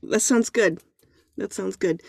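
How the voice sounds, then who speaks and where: Woman, 30s, podcast guest; chatty and self-deprecating, mid pitch, dead-dry recording. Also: takes it slowly, vocal fry, slightly rough, no room sound. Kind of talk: casual chat.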